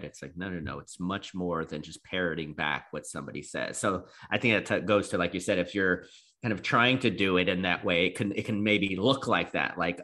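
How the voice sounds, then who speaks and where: A man's voice: deep voice, brisk, sharp tone. A man in a casual discussion, explaining an idea about listening in an earnest way.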